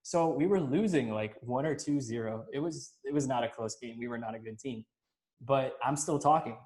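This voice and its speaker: A young man hosting a casual chat, telling animated stories and laughing often. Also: medium pitch, normal speed. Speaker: podcast host. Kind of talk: casual conversation.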